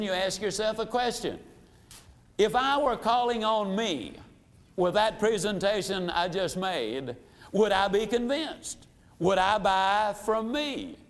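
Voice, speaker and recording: A high-voiced male sales trainer delivers a motivational lesson with emphatic insistence. He repeats phrases for effect and slows right down to drive his key points home.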